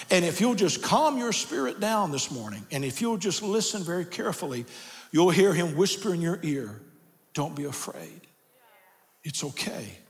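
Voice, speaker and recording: An older man preaching a sermon as pastor, shifting between soft, hushed lines and loud shouted emphasis, often repeating a phrase. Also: on the high side, creaky. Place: large church sanctuary. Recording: long reverb of a big church hall.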